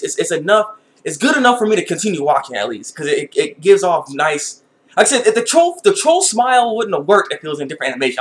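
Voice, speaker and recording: A man reviewing an anime episode in a casual vlog, excitable and laughing, and often repeating his words. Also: high-pitched.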